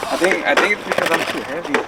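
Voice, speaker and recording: A man coaching his child on a skateboard in a gruff, encouraging way. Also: a little high, fast talker, far from the mic, very noisy. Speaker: husband on a vlog.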